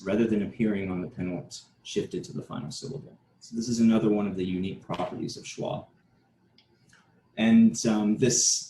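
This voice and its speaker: Low, mellow man giving an academic talk. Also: roomy sound, a little hiss or hum, low-quality recording. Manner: measured, explanatory, with frequent fillers and restarts. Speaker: conference presenter.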